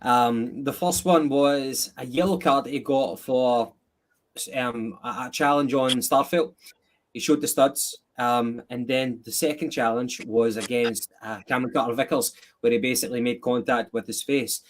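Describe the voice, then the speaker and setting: A man with a Scottish accent hosting a football match review podcast, measured and a little hesitant. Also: medium pitch, fairly even intonation, a little hiss or hum. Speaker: podcast host.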